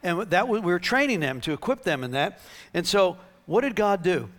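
Preaching a sermon in a high-pitched, brisk voice, a man tells a healing story with animation. He acts out the dialogue and laughs along the way.

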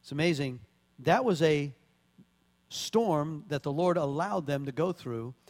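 Male pastor, high voice, conversational sermon with sudden emphatic bursts, long hall reverb. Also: lively intonation, unhurried, darkish tone. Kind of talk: sermon with scripture reading.

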